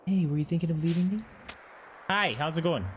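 A man reading out a caring young woman fighter's lines in a lightly raised, gentle voice. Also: fairly high pitch, fairly quick, a little hiss or hum, voice pushed up, lightly acted. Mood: concerned.

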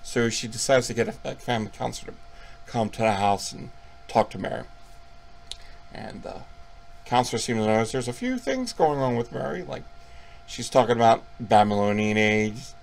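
Gravelly, profane horror reviewer man. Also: mid-range voice, moderate pace. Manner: profane, playful, animated retelling. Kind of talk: casual video review.

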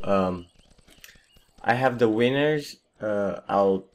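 A man hosting a casual gameplay commentary, his voice partly lost, rambling and trailing off quietly. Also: on the low side. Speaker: gaming channel host.

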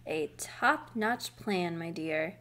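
A woman voicing a sleepy, calm middle-aged husband in a storybook reading, talking mildly and slowly. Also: mid-range voice. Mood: drowsy. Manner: mild, drowsy, slow and soothing.

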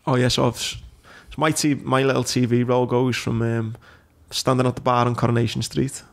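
A man's voice: mid-range voice, level tone, a little fast, creaky. A man hosting a podcast in laid-back casual chat, self-deprecating and calling people mate. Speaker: podcast host.

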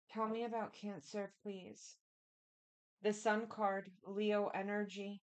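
A woman giving a casual tarot reading, chatty and repetitive, speaking straight to the listener. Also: medium pitch. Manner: chatty, repetitive, keeps addressing the listener directly. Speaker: tarot reader.

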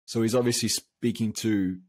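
A man's voice: on the low side, fairly even intonation, normal speed, a little mellow, no room sound. A man from Australia, a coach, telling a long personal story in a casual interview, rambling with many fillers and restarts. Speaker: guest, coach.

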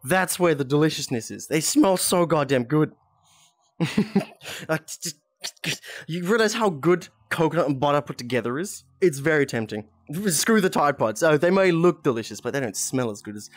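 Giggly young man streaming, lively voice. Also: fairly high pitch, normal speed, no room sound. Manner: giggly, laughs often, swears casually, reads chat aloud. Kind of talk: casual live-stream chat while playing. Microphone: VR headset mic.

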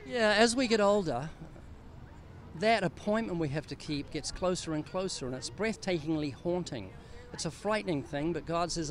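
A man's voice: a little high, lively intonation, normal speed. An older man sharing his faith earnestly with a stranger on a city street, pleading and serious. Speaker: street evangelist. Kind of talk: street evangelism conversation.

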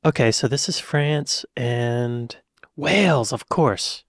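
A man's voice: medium pitch, slow, loud music behind the voice. A young American man hosting a reaction video, talking casually and exclaiming often as he watches. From United States. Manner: excitable, exclaiming, laughs easily.

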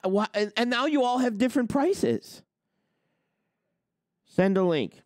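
A very high-voiced man with lively intonation speaks at normal speed but pauses often, recorded in clean studio sound with no echo. He hosts a trucking business show, arguing and ranting on a livestream with plenty of rhetorical questions.

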